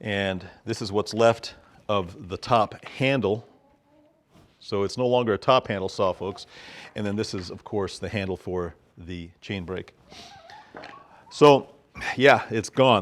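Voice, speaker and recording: Middle-aged male vlogger, low-ish voice, folksy and rambling. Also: measured pace. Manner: folksy, rambling, talks straight to viewers. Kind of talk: casual vlog monologue.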